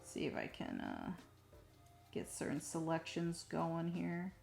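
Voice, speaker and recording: Woman streamer narrating her drawing to herself, lowish voice, rambling with fillers. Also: wildly swooping pitch, slow pace, gravelly, soft background music. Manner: rambling, self-talk with many fillers, soft muttering asides. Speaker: streaming digital artist. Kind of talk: casual live-stream chat while drawing.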